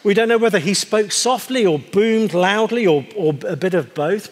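Guy with a high voice giving a sermon, chatty and dry-humored, big echoey church hall. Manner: conversational and wry, slowing down for emphasis. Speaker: preacher. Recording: long hall reverb.

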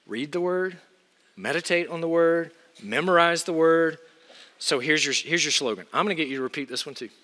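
A man preaches to a room of students in a high, bright voice. He swings between quick, quiet asides and loud, emphatic calls, and his words ring out with a long hall reverb. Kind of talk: sermon.

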